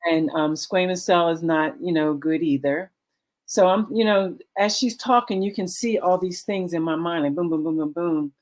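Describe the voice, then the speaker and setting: Candid guest: middle-aged woman, low voice, earnest, filler-heavy. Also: fairly even intonation, normal speed, a little mellow. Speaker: guest, cancer survivor. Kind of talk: candid talk-show conversation.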